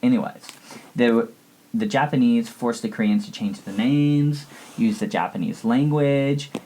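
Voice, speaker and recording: A woman's voice: rumbling low, unhurried, mellow, a little hiss or hum, rough recording. A woman playing a ditzy valley-girl teen student who rambles bubbly through a comedic history report, full of "like". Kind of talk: comedic sketch lesson.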